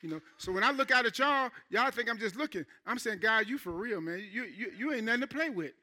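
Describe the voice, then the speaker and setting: Male pastor, sermon in church, high voice, very bright and forceful tone, conversational call-and-response. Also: fairly quick. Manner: animated, conversational preaching with call-and-response asides.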